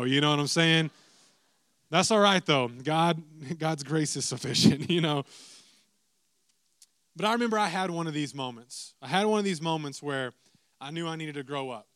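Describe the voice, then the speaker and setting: Young pastor guy preaching, kinda high voice, chatty asides, dry close sound. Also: normal speed, clean tone, no room sound. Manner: animated storytelling with repeated asides. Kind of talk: sermon.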